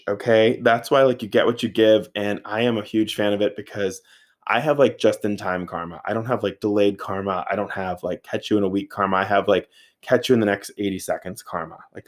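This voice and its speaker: A man in his thirties telling a casual, animated story, swearing freely and saying "like" a lot. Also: on the low side. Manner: animated, profane, filler-heavy with frequent "like".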